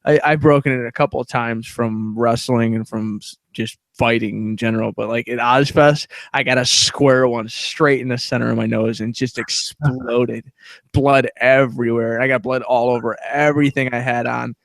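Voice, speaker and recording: A man with a mid-pitched voice talks bluntly on a podcast, rambling through stories with lots of swearing and filler words. His delivery is loose and unpolished. The recording is dry and close. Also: steady tone, moderate pace, gravelly, fairly bright tone, dry recording. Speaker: podcast co-host. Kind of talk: casual storytelling chat.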